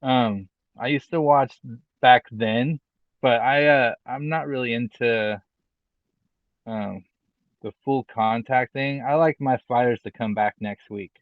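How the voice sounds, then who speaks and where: A man co-hosting a wrestling podcast in casual chat, rambling with lots of fillers and getting animated when he retells things. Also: medium pitch, slow pace, no echo, phone-quality sound. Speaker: podcast co-host.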